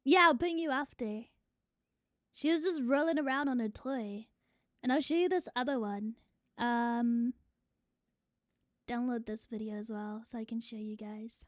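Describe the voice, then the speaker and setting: A woman's voice: a little high, unhurried, pauses often, no echo, studio quality. A young adult woman streamer chatting casually to her viewers, swearing freely. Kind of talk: casual live-stream chat.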